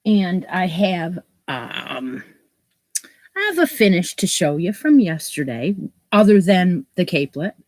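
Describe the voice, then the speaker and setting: A woman's voice: on the low side, animated, a little slow, no room sound. A woman hosting a crochet live stream, chatting casually and greeting viewers by name, her nose stuffed up from allergies. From New York State, US. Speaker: crochet channel host.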